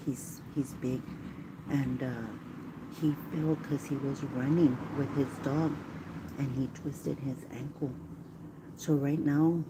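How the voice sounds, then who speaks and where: A woman talks casually to her live-stream viewers in a very deep, gravelly voice. She often drops to a hushed near-whisper. The phone recording carries clear background noise. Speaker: livestream host. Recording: noisy phone livestream.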